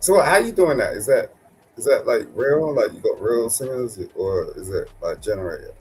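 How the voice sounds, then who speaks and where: A man in casual chat, reacting with animated surprise. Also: mid-range voice, normal speed, soft background music.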